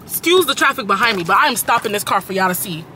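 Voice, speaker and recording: A young woman in her late teens, vlogging while she drives, rambling and cursing through an animated story time. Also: medium pitch, fast. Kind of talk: casual story-time chat while driving. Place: inside a car on the road. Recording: car with loud road noise.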